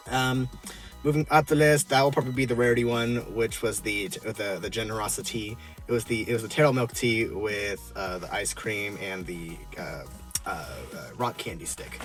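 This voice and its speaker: Chuckling often, a man at medium pitch casually reviews drinks from his car, his speech halting and packed with fillers and false starts.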